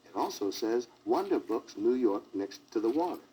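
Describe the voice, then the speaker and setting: A man's voice: mid-range voice, sing-song, moderate pace, warm tone, husky. A man narrating a children's storybook record, with jokey asides to the listener, on a crackly 1960s vinyl record.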